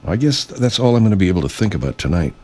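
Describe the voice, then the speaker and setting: A man's voice: sits low, very animated, very fast, dark tone, husky. A man hosting a radio show, talking in a meandering, self-interrupting way and swearing freely. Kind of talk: rambling casual monologue.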